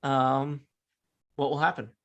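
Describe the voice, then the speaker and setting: A man's voice: mid-range voice, fairly even intonation, slow pace, a bit bright, lo-fi sound. A man narrating a tabletop game as game master, rambling and hesitant, with frequent repeated words.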